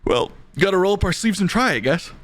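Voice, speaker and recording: A man's voice: sits high, animated, a little fast, fairly bright tone. A man reading and voicing a game aloud with wry asides. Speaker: let's play voice actor. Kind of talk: voiced game playthrough with banter.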